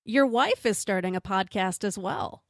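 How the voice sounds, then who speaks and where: A woman's voice: medium pitch, moderate pace, no echo, clean studio sound. A woman podcast host asking short, playful questions in a casual interview.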